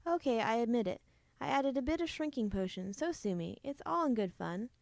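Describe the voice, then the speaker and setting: A shrill, sly storybook witch, high and teasing, cackling through her words, as a woman reader puts her on. Her voice is sharp and raised, close and dry with no room around it. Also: expressive, a little fast, gravelly, no echo. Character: shrill cackling wicked witch mother, playful. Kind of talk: storybook read-aloud.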